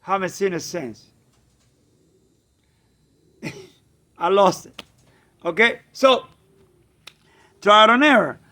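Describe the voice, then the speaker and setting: A man casually telling a story, animated, acting out friends' voices and bird sounds. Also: high voice, takes it slowly, pauses often. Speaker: pigeon fancier, channel host.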